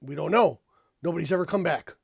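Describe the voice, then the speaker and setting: Man doing a gruff deep gnome leader, halting, gravelly, slightly high. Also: no echo. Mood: wary. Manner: hesitant, halting speech.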